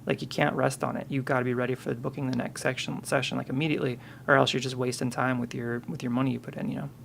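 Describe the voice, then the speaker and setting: A man's voice: mid-range voice, flat delivery, fast, creaky, fairly bright tone, slight background noise. A man on a live stream, thinking aloud and muttering to himself, counting and correcting himself as he works.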